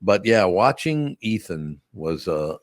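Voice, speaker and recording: A man's voice: low voice, big pitch swings, takes it slowly, no room sound, studio quality. An older grandfather hosting a casual family chat, rambling and chatty with lots of fillers. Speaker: host, grandfather.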